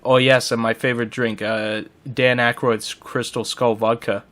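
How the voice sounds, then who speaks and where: A podcast co-host jokes around and rambles while playing a game, tossing in quick asides. His voice sits at medium pitch with a fairly bright tone and stays fairly flat in pitch.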